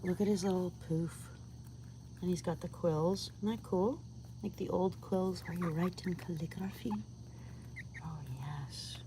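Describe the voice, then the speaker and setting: Outside at night with crickets and insects chirping, a woman feeds her backyard chickens on a livestream, chatting casually, cooing to them and now and then whispering. Her voice sits on the low side, steady and warm at a moderate pace, with slight background noise.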